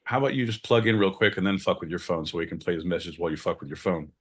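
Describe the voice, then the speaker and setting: A man's voice: low voice, racing, breathy edge. A man hosting a podcast, joking around and playing listener messages. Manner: jokey, animated, crude. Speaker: podcast host. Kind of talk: casual podcast banter.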